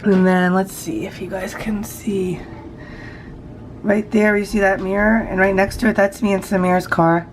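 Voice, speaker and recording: A woman's voice: mid-range voice, level tone, normal speed, a little hiss or hum, rough recording. A thirty-year-old woman chatting to the camera in a casual home vlog, narrating her day and coaxing her toddler along. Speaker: vlogger and mother. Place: family home indoors.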